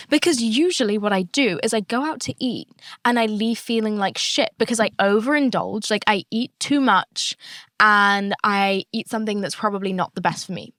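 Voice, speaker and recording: A woman's voice: medium pitch, moderate pace, fairly bright tone, no echo. A young woman, hosting a casual solo podcast, candid and chatty and swearing freely. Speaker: podcast host.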